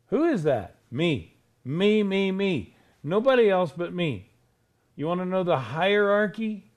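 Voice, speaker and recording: Emphatic preaching man, fairly high voice. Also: darkish tone. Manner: emphatic, rhetorical questions, drawn-out slow stresses. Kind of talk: sermon.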